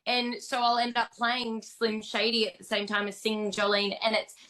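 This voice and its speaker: An Australian woman with a bright, forceful voice pitched a little high talks in a chatty, animated way. She is a singer-songwriter guest in a casual interview. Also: moderate pace, low-quality recording. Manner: chatty, animated, bursts into playful song.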